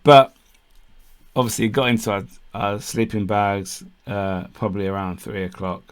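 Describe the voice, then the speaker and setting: A man with a lowish, fairly flat voice speaks at a normal, smooth pace. He's a podcast co-host spinning a long camping story in relaxed chat, cursing freely, acting out what people said, and laughing partway through.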